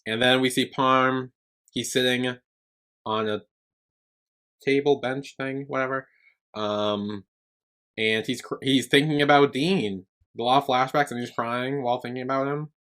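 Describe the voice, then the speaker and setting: A man's voice: mid-range voice, fairly even intonation, measured pace, a bit bright, smooth. A man co-hosting a podcast, recapping a show in a loose, rambling way with lots of fillers. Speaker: podcast co-host. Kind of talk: casual chat recapping a TV series.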